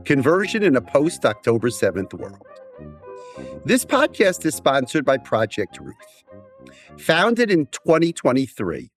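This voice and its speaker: A man's voice: mid-range voice, no room sound. A man, a rabbi, hosting a podcast and giving a formal, welcoming scripted introduction.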